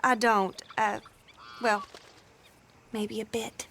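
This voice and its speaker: A woman's voice: fairly high pitch, little pitch movement, slow pace, fairly bright tone. An actress playing a spirited, defiant young woman activist in a video game cutscene, genteel and resolute. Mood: bitter. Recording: crowd noise behind.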